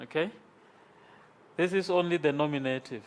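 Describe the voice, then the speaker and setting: A man's voice: on the high side, moderate pace. A man teaching Greek in a classroom, congested from sinus trouble, who patiently repeats each form and checks in with "okay?". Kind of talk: classroom lecture. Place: classroom with a board.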